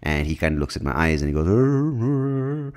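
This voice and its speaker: Low-voiced man rambling on his podcast. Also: monotone, rapid-fire, clean tone. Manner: self-mocking, swears freely, trips over words. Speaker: podcast host. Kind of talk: casual rambling monologue.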